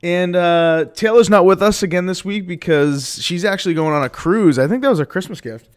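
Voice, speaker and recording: A man's voice: high voice, brisk, smooth. A man hosting a streamed gaming podcast, chatting casually and rambling with plenty of fillers. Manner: rambling, loose delivery with many fillers. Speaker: podcast host.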